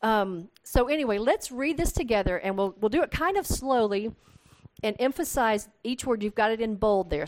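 A woman leading a congregation in reading scripture, earnest and a little halting as she speaks from a church microphone. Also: fairly high pitch, expressive. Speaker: worship leader. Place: church hall. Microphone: handheld microphone.

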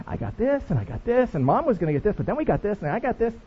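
A man's voice: high voice, sing-song, rapid-fire, mellow, husky, heavily acted. A man mimicking an eager child rattling off gifts. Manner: breathless run-on listing. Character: excited young child listing presents. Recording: dull lo-fi recording.

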